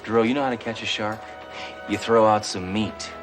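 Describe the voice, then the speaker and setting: An actor playing a brash, deadpan male police detective who trades gruff wisecracks, on a TV soundtrack with music behind. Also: on the low side, brisk, natural voice. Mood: smug. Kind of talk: sitcom acting.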